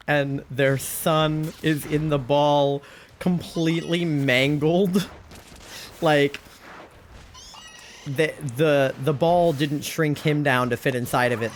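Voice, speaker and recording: A sick young adult doing casual live-stream chat on Twitch, their voice not quite its usual self, rambles along with giggles and lots of filler words. Pitch is medium, and a bit of background noise can be heard.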